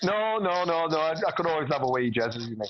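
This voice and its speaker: A man's voice: a little high, animated, fast, lo-fi sound, a little hiss or hum. A middle-aged man, rambling through a sweary anecdote on a podcast and laughing as he goes. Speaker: podcast guest. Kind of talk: casual chat, anecdote telling.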